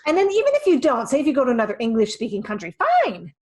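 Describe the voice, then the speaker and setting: A woman in her fifties from the Philadelphia area, a guest chatting casually and telling animated stories. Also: a little high, rapid-fire. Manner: chatty, storytelling with animated quoted voices. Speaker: guest, actress and photographer. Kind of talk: casual chat.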